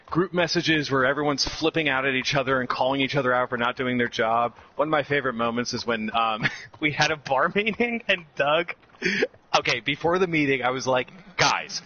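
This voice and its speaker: A man casually telling a story, laughing often and acting out other people's lines. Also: medium pitch. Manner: animated, laughs often, acts out customers' lines. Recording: slightly dull lo-fi audio with faint background noise.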